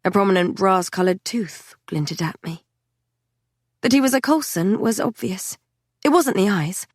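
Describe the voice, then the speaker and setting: A woman narrating a first-person novel in a measured, quiet storytelling manner. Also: medium pitch, expressive, slightly rough, no room sound, studio quality. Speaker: audiobook narrator.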